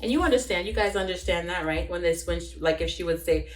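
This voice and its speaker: A woman's voice: fairly low pitch, fairly quick, hardly any pauses, reverberant, recorded from a distance, poor audio. A young woman born in Jamaica, chatting casually while she cooks and trying out patois phrases. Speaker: cooking vlogger. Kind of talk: casual chat while cooking.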